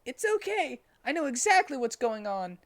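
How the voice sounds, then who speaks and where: A man's voice: extremely high pitch, big pitch swings, normal speed, a bit bright, pitched above the performer's own voice, full character voice. A man voicing a timid young fox boy in a comedic dramatic reading, in a small, meek voice.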